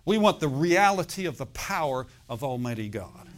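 A man's voice: a little high, very animated, normal speed. A middle-aged man preaching a sermon in a conversational way, often checking in with "okay?" and "amen?". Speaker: pastor.

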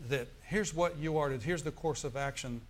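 A male pastor preaches a sermon in a voice on the high side at normal speed, with a little hiss or hum in the audio. He tells animated stories, acts out forced laughter, and asks the congregation for responses.

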